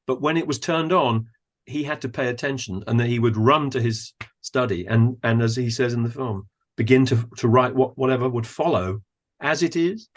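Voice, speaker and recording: A man, a guest on a podcast, who talks thoughtfully and admiringly, often pausing to search for words. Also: mid-range voice. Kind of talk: thoughtful conversational discussion.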